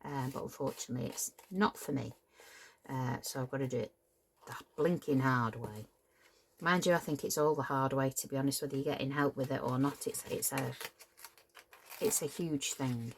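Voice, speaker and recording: A woman's voice: extremely low pitch, moderate pace, slight background noise. A middle-aged woman, casually demonstrating a papercraft build, chatty and apologetic and prone to tangents. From Cheshire, England. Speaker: papercraft tutorial host.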